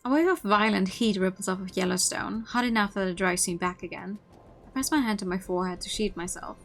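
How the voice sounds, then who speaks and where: A woman streamer narrating a story game in the first person, with an even, mid-pitched voice. Her reading is expressive, with occasional stumbles and restarts. Music plays clearly behind her. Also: fairly quick, rough recording. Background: background music.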